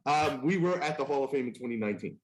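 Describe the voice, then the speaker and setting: A man in his fifties hosts a casual chat and tells a long anecdote. His voice is mid-pitched. He jumps into high, excited voices whenever he quotes someone. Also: fast. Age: 50s. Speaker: podcast host.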